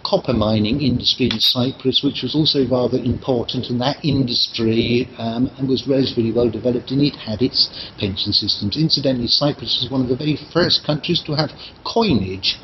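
An older man giving an academic lecture, pausing often with ums and restarting his phrases. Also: mid-range voice. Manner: halting, many ums and restarts. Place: lecture room. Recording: dull, noisy lecture recording.

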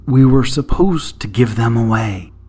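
A man reading the part of a thoughtful man who speaks in an earnest, measured way, in a storybook reading. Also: medium pitch, dark tone, husky.

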